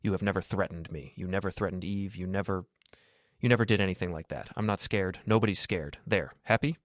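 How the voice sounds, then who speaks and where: A man's voice: low voice, a little fast, no echo, close to an everyday voice. A man voicing a panicky, defensive young man who blusters and repeats himself. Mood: rattled. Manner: rattled, repetitive blustering.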